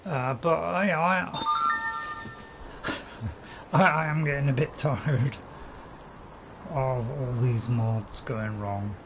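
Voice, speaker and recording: A man's voice: medium pitch, slow, long pauses. A man streaming a game and chatting casually, rambling and restarting his sentences in an easygoing way. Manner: rambling, easygoing, self-interrupting. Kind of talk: casual gameplay commentary. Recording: constant cricket and insect noise behind.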